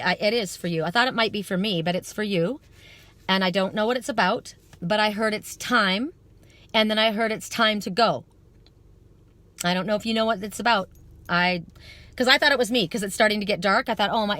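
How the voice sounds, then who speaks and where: A woman's voice: medium pitch, fairly bright tone, dry recording. A woman giving a live psychic card reading to her viewers outdoors at dusk, talking in an earnest, rambling, spiritual way.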